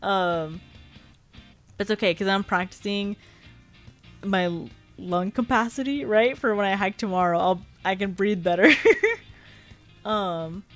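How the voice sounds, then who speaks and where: A woman's voice: medium pitch, unhurried, long pauses, a bit bright, faint music behind. A young woman streaming a casual chat, rambling and giggly, often apologizing and filling with "like" and "um".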